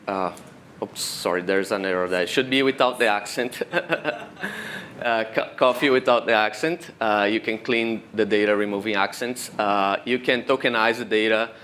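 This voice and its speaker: A man's voice: on the low side, a little hiss or hum. Brazilian man giving a technical talk. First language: Portuguese. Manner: explanatory, steady walk-through of technical steps. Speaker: conference speaker. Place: conference room.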